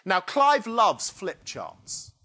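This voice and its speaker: Guy giving a conference talk, high voice, really animated storyteller. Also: extremely slow. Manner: animated, acts out quoted characters. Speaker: conference keynote speaker. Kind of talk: storytelling presentation. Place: conference hall.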